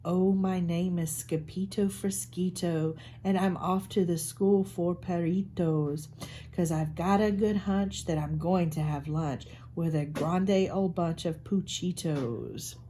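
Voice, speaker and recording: A woman voicing an excitable young boy kitten in a picture book, playful and bouncy. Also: medium pitch, a little slow, hardly any pauses, a little hiss or hum. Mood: soft singing.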